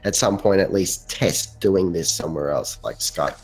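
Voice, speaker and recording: A man playing a tabletop role-playing game, telling his side in an animated way. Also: sits low, moderate pace, slightly rough. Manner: animated, swearing storyteller. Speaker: player.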